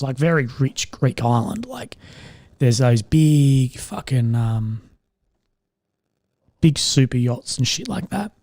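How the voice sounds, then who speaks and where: In casual storytelling on his live stream, a young Aussie rambles in a relaxed way, curses heavily, and fills gaps with likes and ums. He has a mellow mid-range voice, recorded at studio quality with no room sound.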